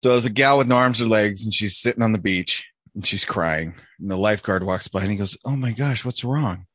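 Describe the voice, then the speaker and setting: A man's voice: on the low side, fairly even intonation, fairly quick, a bit bright, no room sound. A man hosting a casual podcast, telling jokes in a laid-back way with hesitant fillers. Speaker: podcast host.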